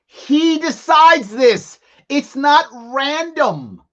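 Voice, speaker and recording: A man's voice: very high voice, sing-song, drawn-out words, a bit bright, lo-fi sound. A man hosting a live commentary show, mocking and sarcastic as he reacts to a press conference. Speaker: host.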